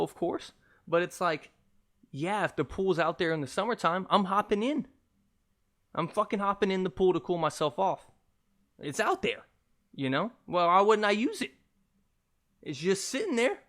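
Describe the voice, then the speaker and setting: A young man holds forth on his own podcast in a casual, rambling rant. His voice sits a touch high for a man, and he talks in an animated, joking way, swearing freely. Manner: profane, animated, jokey. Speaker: podcast host.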